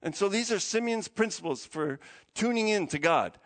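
A man's voice: high voice, moderate pace, long reverb tail. A man preaching a sermon as pastor, asking the congregation for responses. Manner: animated preaching with call-and-response.

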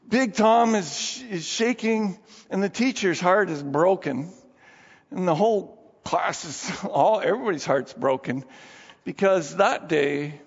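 Guy with a high voice preaching, folksy storytelling, long echo, kinda muffled sound. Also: slow pace, creaky, slightly rough. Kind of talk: sermon storytelling. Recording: dull sound with long hall reverb.

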